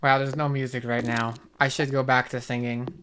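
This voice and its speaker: A woman's voice: a bass voice, little pitch movement, brisk, a bit bright, slight background noise. A woman streaming a game, chatting casually with viewers in a rambling, self-mocking way. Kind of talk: casual gaming stream chat.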